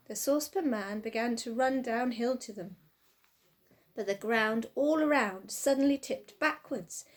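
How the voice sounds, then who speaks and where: Woman, storybook reading, high voice, lively sing-song narration.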